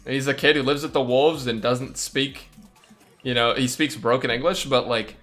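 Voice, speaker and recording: A man's voice: mid-range voice, fairly even intonation, normal speed, fairly bright tone, faint music behind. A man streaming a game, chatting casually and rambling candid opinions while reading chat aloud.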